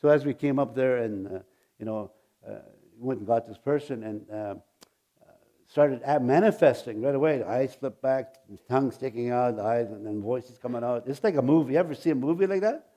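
A man, a pastor, telling a personal testimony in a rambling, halting way, with many restarts and chuckles. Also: mid-range voice, mellow. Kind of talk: testimony storytelling.

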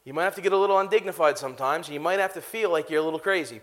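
A man's voice: fairly high pitch, racing, fairly bright tone. A man preaching as pastor in a church auditorium, laughing often and calling out to the congregation. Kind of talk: sermon and altar call.

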